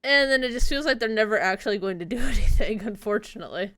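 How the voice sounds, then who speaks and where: A woman co-hosting a podcast, speaking in a relaxed, wistful way in casual chat. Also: on the high side, fast talker, no room sound, clean studio sound.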